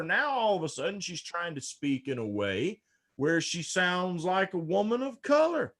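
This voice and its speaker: Speaking a little slowly in a high voice with huge pitch swings, a male political commentator discusses politics on a casual podcast. He's emphatic, frequently repeating a word several times before he gets rolling.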